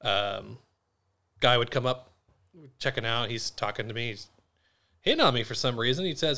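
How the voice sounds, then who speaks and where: A man with a bright, forceful voice chats casually. His stories come out laid-back and laughing. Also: mid-range voice, moderate pace, pauses often. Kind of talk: casual chat.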